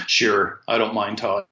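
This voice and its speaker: Very slow-talking man, echoey and muffled. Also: lowish voice. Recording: muffled echoey room with loud noise.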